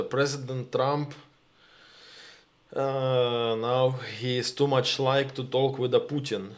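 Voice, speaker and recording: A Ukrainian man with a Ukrainian accent, hosting a live stream in halting English, reading viewer comments and calling his viewers "my dears". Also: mid-range voice. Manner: halting, searching for words, addresses viewers as "my dears".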